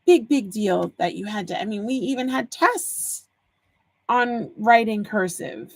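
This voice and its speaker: A woman's voice: medium pitch, animated, unhurried, dry recording. A woman in her forties hosting a live stream, chatting casually with viewers and telling stories while she works on a craft project. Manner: chatty storyteller, answers viewers' comments. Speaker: livestream host.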